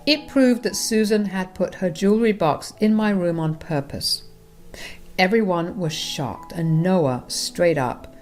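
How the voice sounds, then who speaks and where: A woman's voice: fairly low pitch, a little mellow. A woman narrating a first-person family drama, talking directly to her listeners in a conversational way. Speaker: storyteller.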